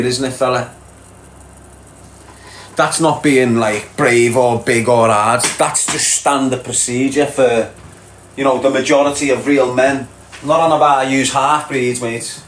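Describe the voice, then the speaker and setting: Scouse male streamer, blunt and streetwise, in an echoey room with faint background noise. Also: medium pitch. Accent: Liverpool (Scouse). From Liverpool, England. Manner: blunt, streetwise, addresses chat as mate and lad. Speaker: livestream host answering viewer comments. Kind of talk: casual livestream chat.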